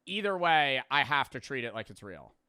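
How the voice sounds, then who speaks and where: Blunt young male streamer, bright clear voice. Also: mid-range voice, big pitch swings, moderate pace. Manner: blunt, swearing, filler-heavy. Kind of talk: casual storytelling and reflection.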